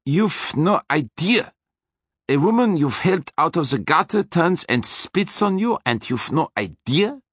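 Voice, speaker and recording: A man's voice: a little high, big pitch swings, a little slow, slightly rough, no room sound, clean studio sound, voice pushed up, full character voice. A man voicing a grim, menacing male chauffeur with an Austrian accent in a storybook reading. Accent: put-on Austrian. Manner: menacing, shouting, grimly emphatic.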